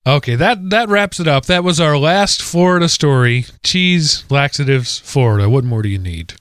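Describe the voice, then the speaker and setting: A man's voice: a little high, animated, normal speed, a bit bright, smooth, no echo, studio quality. A man hosting a casual podcast, rambling into self-deprecating jokes. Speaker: podcast host. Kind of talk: casual chat.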